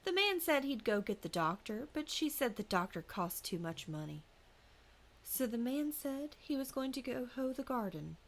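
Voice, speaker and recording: A woman podcast co-host narrating a folk ghost story in a hushed, whispery way, then chatting casually. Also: a little high, very animated, normal speed.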